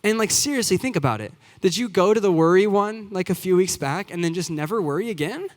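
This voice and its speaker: This is an expressive, fast-talking young man with a high voice, a youth pastor in his twenties. Preaching sincerely in a church sanctuary, he climbs to emphatic refrains amid long hall reverb.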